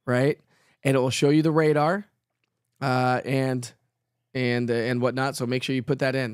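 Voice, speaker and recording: A man's voice: medium pitch, smooth, no room sound, studio quality. A middle-aged man, hosting a live weather stream and answering viewers' chat in a chatty way, with many fillers. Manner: chatty, reads viewer comments aloud and answers them; frequent fillers and laughs. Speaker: weather show host.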